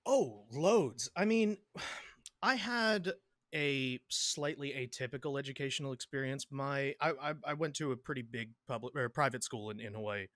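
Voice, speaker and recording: Bright-voiced rambling man, podcast guest. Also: mid-range voice, moderate pace, no echo, clean studio sound. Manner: rambling, repeats words, laughs often. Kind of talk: casual interview chat.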